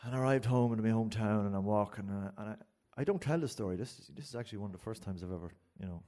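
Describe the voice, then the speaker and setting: An Irish man telling a story live on stage, in an animated, rambling way. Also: fairly low pitch, rapid-fire. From Ireland. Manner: rambling and animated, with frequent restarts and laughs.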